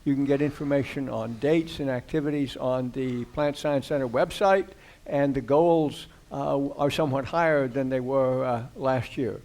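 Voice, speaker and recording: A man moderating a panel discussion, posing questions in a friendly, relaxed way. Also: mid-range voice, normal speed, hardly any pauses.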